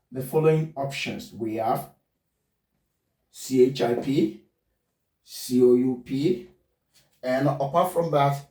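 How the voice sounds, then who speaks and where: A male teacher giving a pronunciation lesson, spelling out letters and repeating his points deliberately. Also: medium pitch, darkish tone. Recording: echoey room, far from mic.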